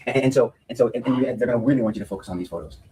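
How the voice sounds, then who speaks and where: A man's voice: medium pitch, rapid-fire, mellow, slight background noise, poor audio. A man speaking as a defense attorney in a courtroom, giving an earnest opening statement to a jury and often repeating words as he restarts his sentences.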